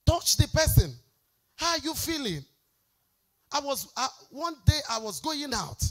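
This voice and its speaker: A woman's voice: high voice, big pitch swings, a little slow, a bit bright. A woman pastor, preaching an emphatic, exhorting sermon.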